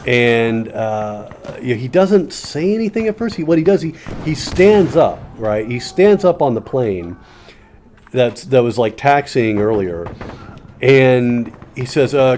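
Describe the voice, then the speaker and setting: A man of middle pitch talks through a shooting game in a loose, sardonic ramble, full of fillers, restarts and asides. Faint gunfire and game noise sit low behind his voice. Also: a little mellow. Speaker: gaming video host. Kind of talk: casual commentary while playing a shooter.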